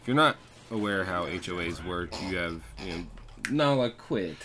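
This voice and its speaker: Man, deep low voice, young adult, casual profane rant, storytelling, faint background noise. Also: fairly quick. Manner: profane, ranting. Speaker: landscaping crew leader. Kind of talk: casual storytelling over gameplay.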